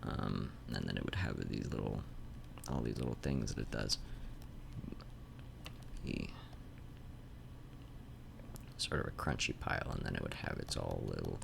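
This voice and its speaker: A man's voice: extremely low pitch, moderate pace, gravelly, pauses often, background noise. A man streaming while he sketches, thinking aloud, trailing off and restarting, with a faint Canadian-like North Idaho accent. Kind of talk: rambling drawing stream. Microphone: desk mic.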